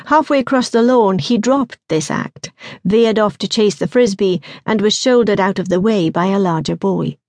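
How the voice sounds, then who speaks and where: A woman narrates a suspense novel in a measured, even way. Her voice sits at a middling pitch, and the studio sound is dry and close with no room echo. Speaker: audiobook narrator. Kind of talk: scripted narration.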